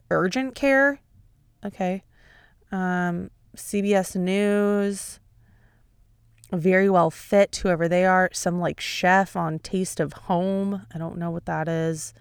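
Gravelly-voiced sarcastic woman host. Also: lowish voice, fairly even intonation, slow pace, dry recording, studio quality. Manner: sarcastic, chatty. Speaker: podcast host. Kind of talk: casual solo podcast.

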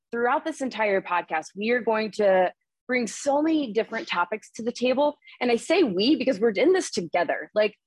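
A woman in her thirties hosting a podcast in a casual, energetic monologue, candid and swearing freely, a little out of breath. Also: on the high side, slightly rough, no room sound. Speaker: podcast host and coach.

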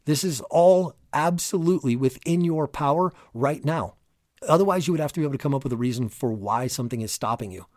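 A man hosting a solo motivational podcast, talking in an energetic, emphatic, casual coaching tone. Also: mid-range voice, fairly quick, no room sound, clean studio sound. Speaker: podcast host.

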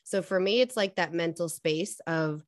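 Youngish woman coach chatting on a podcast, lowish voice, dry close sound, says like a lot. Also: normal speed, no echo. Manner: earnest, storytelling, many likes and fillers. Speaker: guest coach. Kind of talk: casual podcast interview.

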